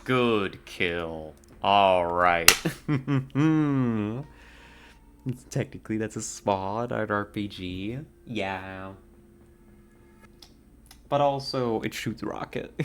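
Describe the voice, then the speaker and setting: A man's voice: on the low side, a bit bright. A man chatting casually while livestreaming a strategy game, rambling and often laughing at his own jokes. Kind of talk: casual gameplay chat while streaming.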